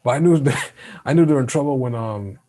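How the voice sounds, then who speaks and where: A young man co-hosting a podcast, chatting loosely in a relaxed, rambling way with slangy asides. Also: medium pitch, fast talker. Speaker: podcast co-host. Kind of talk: casual chat.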